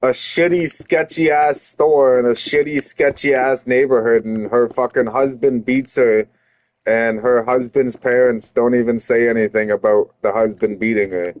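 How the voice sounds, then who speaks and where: A man's voice: medium pitch, fairly even intonation, unhurried, no echo. A man streaming, telling an angry story with constant swearing and heated retorts. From Canada. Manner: heated, profane, rising to shouted retorts.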